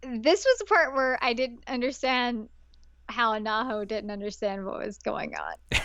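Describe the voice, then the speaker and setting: A podcast co-host with a slightly high voice and measured pace, recorded without echo, recaps an anime episode in casual chat. She's animated, acting out the characters' lines with laughs as she goes.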